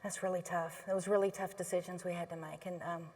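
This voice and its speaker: A middle-aged woman speaking on stage to an audience, emotional and halting, often restarting her sentences. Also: fairly low pitch, little pitch movement, a little mellow, big-room sound. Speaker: healthcare association board chair. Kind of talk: onstage talk to an audience. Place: stage in a large hall.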